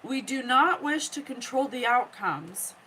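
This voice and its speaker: A woman hosting a psychic podcast, slowly and earnestly relaying messages from spirit and often pausing to check in with "okay?". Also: high-pitched, lively intonation, sharp tone, slight background noise, poor audio. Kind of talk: slow spiritual teaching monologue.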